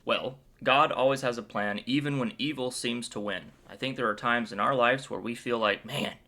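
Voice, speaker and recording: Guy doing a chill bible breakdown, bright clear voice, jokey and upbeat. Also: mid-range voice, moderate pace. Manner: playful and joking; upbeat and enthusiastic. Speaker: Bible video host. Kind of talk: casual Bible commentary.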